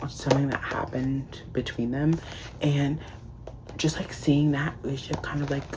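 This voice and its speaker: A man's voice: mid-range voice, level tone, moderate pace, very noisy. A man giving a casual book review in a vlog, gushing and leaning on constant "like" fillers.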